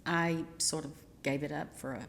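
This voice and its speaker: A woman's voice: deep voice, steady tone, normal speed, vocal fry, fairly bright tone, a little hiss or hum. A woman co-hosting a casual knitting chat in a yarn shop, talking hesitantly and laughing at herself.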